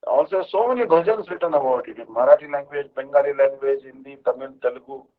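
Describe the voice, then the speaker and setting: A man's voice: mid-range voice, fast talker. A man giving a devotional sermon, explaining with homely examples and chanting mantras. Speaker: preacher. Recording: dull lo-fi sound.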